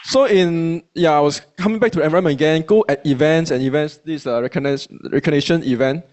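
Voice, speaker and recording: Animated Malaysian man telling stories. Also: a little high, fast. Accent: Malaysian English. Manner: animated, colloquial, acts out his own dialogue. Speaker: speaker at a business event. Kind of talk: motivational storytelling talk to an audience.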